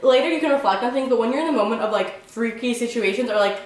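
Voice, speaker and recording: Rapid, chatty young woman in an echoey room. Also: fairly high pitch. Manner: chatty, fills every phrase with "like"; excitable, dramatic retelling. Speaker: vlogger. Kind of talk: casual storytime vlog. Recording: very echoey room, mic at a distance.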